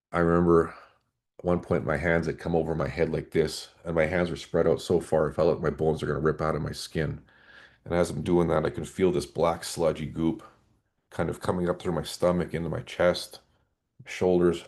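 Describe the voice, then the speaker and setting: A man's voice: very deep voice, a little mellow. A man in his forties, a former police officer, earnestly recounting an emotional personal story as a podcast guest.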